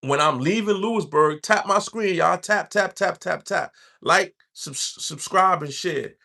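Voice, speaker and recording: New guy in his 40s telling a story, bright kinda tense voice, slangy and loose. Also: high voice, measured pace, gravelly. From New York. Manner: street slang, loose and conversational. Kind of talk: casual storytelling.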